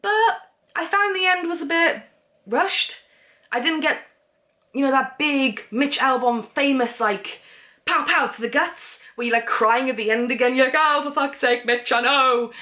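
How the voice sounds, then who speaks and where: A book vlogger with a high, sharp voice chats casually and unhurriedly through a reading wrap-up, rambling and losing her train of thought.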